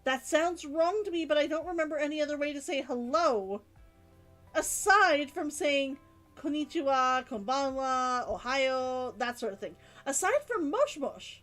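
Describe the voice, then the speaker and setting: A woman's voice: high-pitched, a little slow, fairly bright tone, soft background music. A woman streamer chatting casually on a live stream, musing aloud and reading out chat comments.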